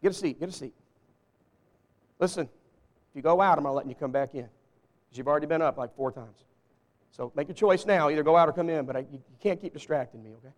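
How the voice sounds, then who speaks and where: A man's voice: on the high side, brisk, long pauses, long reverb tail. A man from the Southern US with a Southern accent, preaching a humorous, folksy sermon and talking straight to his congregation. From Southern US (Arkansas). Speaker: pastor. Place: church sanctuary with a live congregation.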